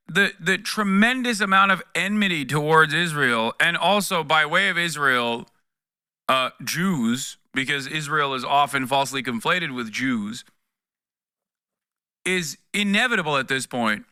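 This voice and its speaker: Bright-toned, exasperated ranting man. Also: fairly high pitch, unhurried, clean tone, dry recording, clean studio sound. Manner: profane, exasperated, talks in bursts with restarts. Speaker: streamer commentator. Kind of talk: casual political commentary rant.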